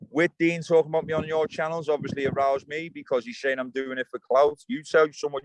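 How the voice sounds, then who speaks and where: A man's voice: mid-range voice, dry recording, low-quality recording. A young man ranting bluntly in an interview, swearing freely while speaking outdoors by the water as he fishes. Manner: blunt, swearing straight talker. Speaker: interview guest. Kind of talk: heated interview rant.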